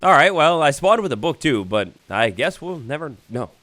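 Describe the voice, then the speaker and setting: Excitable young man gushing over gameplay. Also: on the high side, normal speed, faint music behind. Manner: excitable, gushing, swings between hushed awe and loud exclamations. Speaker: gaming YouTuber. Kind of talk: excited blind-reaction gameplay commentary.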